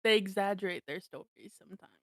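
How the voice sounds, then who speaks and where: A woman's voice: mid-range voice, fast talker, no room sound, studio quality. A young woman co-hosting a casual podcast, giggling and rambling with lots of filler words. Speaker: podcast co-host. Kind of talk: casual chat.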